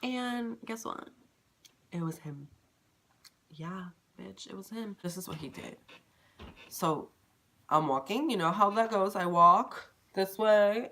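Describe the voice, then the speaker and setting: A man vlogging a casual storytime, retelling it in an animated, profane, dramatic way. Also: high voice.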